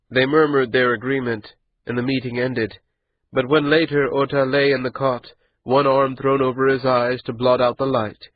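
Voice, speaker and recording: A man reading a fantasy novel aloud in a measured, even style of scripted narration. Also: medium pitch, lo-fi sound. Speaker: audiobook narrator.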